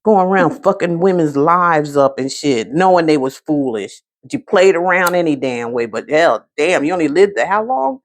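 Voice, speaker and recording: A woman's voice: deep voice, expressive, moderate pace, few pauses. A woman doing a casual tarot reading, blunt and full of profanity, talking back to her own remarks. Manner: blunt, profanity-heavy, talks back to herself. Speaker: tarot reader.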